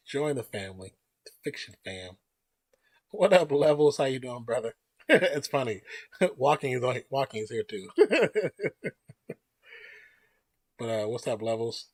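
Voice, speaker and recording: A man's voice: medium pitch, a little slow, pauses often, dry recording. A man hosting a live stream, chatting loosely and greeting viewers as they join. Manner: relaxed, rambling, greets chat viewers by name. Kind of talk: casual live stream chat.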